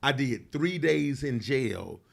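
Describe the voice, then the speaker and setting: A man telling a wild personal story in an interview, slangy and profane, full of fillers, getting loud and animated as he acts it out. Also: medium pitch, slow pace, vocal fry, slight background noise. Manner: grows loud and animated when reenacting. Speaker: interview guest.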